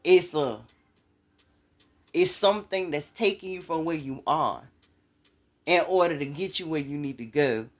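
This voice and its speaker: A woman's voice: low-pitched, unhurried, pauses often. A woman giving a casual, conversational talk of faith encouragement, repeating phrases over and over for emphasis. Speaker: inspirational speaker.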